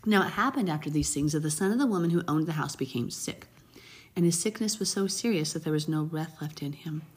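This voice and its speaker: A woman's voice: sits low, a little fast, breathy edge. A woman reading a Bible passage aloud and commenting on it in a chatty, heartfelt way. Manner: warm, chatty, reads scripture with brief emotive asides. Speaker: Bible teacher.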